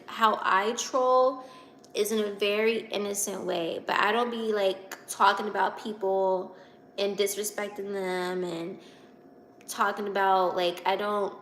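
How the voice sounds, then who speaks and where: Reading chat aloud on her casual livestream, the Virginia woman in her 20s giggles and chats while answering comments. This time her voice is mid-range and a bit bright, again with a touch of hiss or hum.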